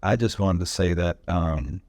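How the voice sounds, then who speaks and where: Deep-voiced earnest man. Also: a little mellow, dry recording. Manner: earnest, thoughtful, halting. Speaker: panelist actor. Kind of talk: earnest reflective panel talk.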